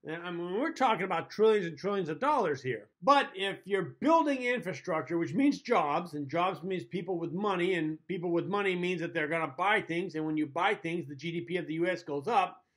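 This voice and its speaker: A man hosting a comedy show, delivering a chatty scripted monologue, chuckling at his own jokes and pausing to toast his drink. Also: sits high, expressive, fairly bright tone.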